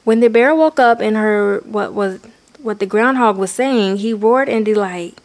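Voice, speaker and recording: Woman, children's story reader, steady expressive read-aloud, mid pitch. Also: measured pace. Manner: steady, expressive reading for kids.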